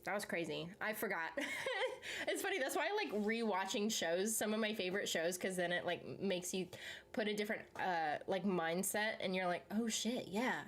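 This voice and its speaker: A young woman hosting a show, chatting casually about TV series, animated, swearing freely and laughing often. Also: medium pitch, moderate pace. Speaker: show host reacting to viewer comments. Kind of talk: casual chat.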